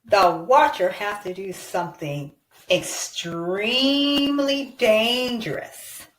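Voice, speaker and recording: A woman narrating a playful toy story with excited cheers and sound effects. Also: mid-range voice, takes it slowly, roomy sound, slight background noise.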